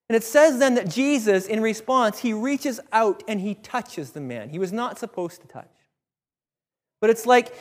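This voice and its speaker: A man preaching a sermon in an animated way, acting out the voices of biblical figures. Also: high voice. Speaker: pastor. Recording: reverberant hall.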